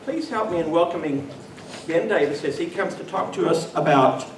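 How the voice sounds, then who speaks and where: A man hosting an event reads a formal introduction of the next speaker. His voice is higher than most men's and lively in its rise and fall. He is caught from afar in an echoey room with faint noise. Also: moderate pace, distant mic. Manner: formal, announcing.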